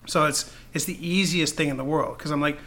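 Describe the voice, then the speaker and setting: Bright-voiced jokey man in his forties. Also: a little high, fairly even intonation, a little fast. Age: 40s. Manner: rambling, jokey, laughs often. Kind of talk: casual chat. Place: at a dinner table with friends.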